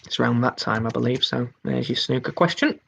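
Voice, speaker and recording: A man's voice: mid-range voice, a little fast, gravelly, a bit bright. Man reading out pub quiz questions. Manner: reads each question twice, chatty asides. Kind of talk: hosting an online pub quiz.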